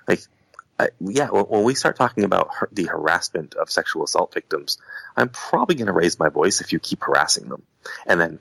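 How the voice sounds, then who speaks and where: A man's voice: sits low, creaky, fairly bright tone, no room sound, poor audio. A man in a casual podcast conversation, talking in a heated, rambling way with lots of restarts. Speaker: podcast guest.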